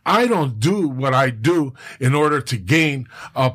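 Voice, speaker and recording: A man's voice: mid-range voice, expressive, measured pace, fairly bright tone, husky. A middle-aged man from Southern California, a podcast guest, talking candidly in emphatic, profane, rambling street talk. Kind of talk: candid personal conversation.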